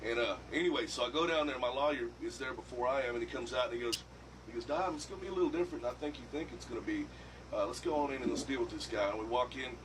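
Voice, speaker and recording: A man's voice: medium pitch, rapid-fire, background noise. A man telling a rambling, profane anecdote and acting out other people's lines in a played clip. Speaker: musician telling a story. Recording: distant mic with loud background ambience.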